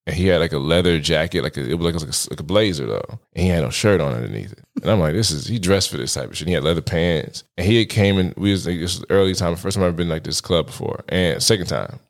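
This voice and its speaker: A man's voice: low voice, fast, creaky, hardly any pauses. A man in his thirties, a podcast guest, telling a story in casual chat, acting out his own reactions and laughing often. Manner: laughs often while talking.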